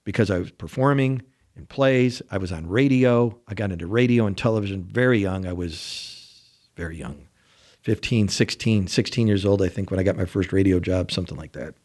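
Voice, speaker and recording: A man's voice: low-pitched, moderate pace, darkish tone. A man in his sixties from western New York hosting a radio talk show, rambling and chatty with frequent laughs. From western New York State. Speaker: radio host. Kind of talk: casual on-air talk.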